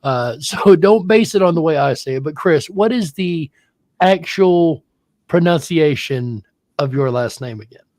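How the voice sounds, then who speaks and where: A man's voice: a little high, lively intonation, measured pace, a little mellow, no echo. A man moderating a panel discussion on a video call, reading out questions with a self-deprecating, laughing manner.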